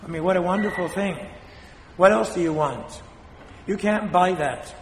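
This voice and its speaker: Blunt older priest in an echoey church. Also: male voice, high voice, slight background noise. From Spain. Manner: blunt, scolding, dramatic pauses. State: weakened voice after a fall. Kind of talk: sermon. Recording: echoey hall from a distance.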